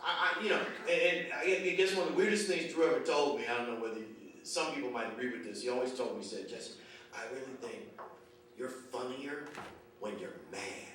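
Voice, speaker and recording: A man's voice: mid-range voice, fast talker, few pauses, fairly bright tone, very echoey, distant mic, a little hiss or hum. A man doing a stand-up comedy set at a memorial show, ranting in a profane, grumpy way.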